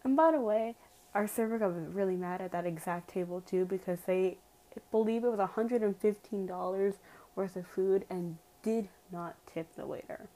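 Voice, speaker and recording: A woman's voice: medium pitch, normal speed, dark tone, poor audio. A woman telling a personal story to her viewers in a casual, emphatic way, full of "like" fillers and direct appeals.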